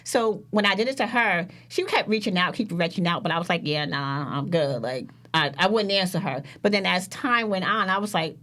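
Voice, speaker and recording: A woman's voice: medium pitch, fairly quick, hardly any pauses, fairly bright tone. A woman co-hosting a podcast in casual chat, blunt and swearing freely as she acts out what she said to friends. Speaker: podcast co-host.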